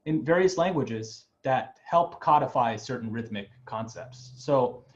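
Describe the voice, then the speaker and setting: A music professor teaches an online class in a mid-range voice, talking loosely and chattily and often checking in with "right?". The audio comes over a video call and sounds muffled.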